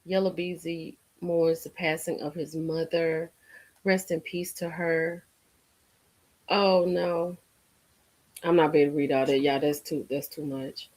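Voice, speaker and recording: A woman hosting a casual live stream, reacting to viewer comments in an animated way. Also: low-pitched, takes it slowly. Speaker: livestream host.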